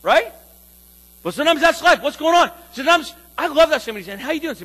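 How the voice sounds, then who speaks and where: Male pastor, sermon, animated, high voice, swooping pitch, playful loud bursts. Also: fast, poor audio. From California.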